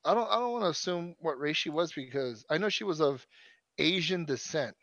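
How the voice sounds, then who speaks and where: A man's voice: on the high side, animated, brisk, fairly bright tone, dry recording, muffled recording. A man in his thirties telling a long story in casual chat, swearing often and restarting his sentences. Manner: profane, rambling storyteller with many restarts.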